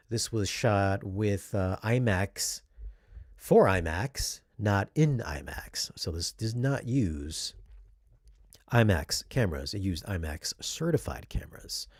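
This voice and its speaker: Low-voiced guy chatting thru a disc review, rambles and corrects himself, dry sound. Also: expressive, measured pace, slightly rough, dry recording. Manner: chatty, rambling, self-correcting, asks viewers questions. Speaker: home theater video reviewer. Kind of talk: casual review talk.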